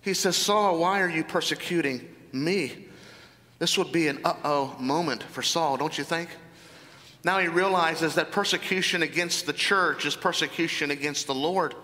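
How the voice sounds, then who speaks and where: Male pastor, earnest sermon delivery with rhetorical questions; sharp, bright tone in a reverberant hall. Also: a little high, moderate pace.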